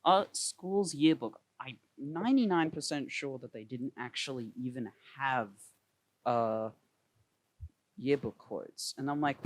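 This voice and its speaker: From home, a young man hosting a podcast chats casually, laughing and rambling, over a voice-chat call on his computer mic. He speaks in a mid-range voice at an unhurried pace.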